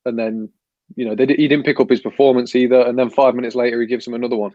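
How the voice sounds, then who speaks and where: A man's voice: mid-range voice, level tone, racing, mellow, dry recording, dull audio. A man on a fan panel video call, rambling in frustration with many restarts. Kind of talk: casual fan panel chat.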